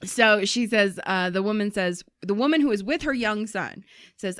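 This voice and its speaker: A woman's voice: medium pitch, moderate pace, fairly bright tone, no room sound, clean studio sound. A woman co-hosting a casual podcast, reading out listener stories and laughing often. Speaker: podcast co-host.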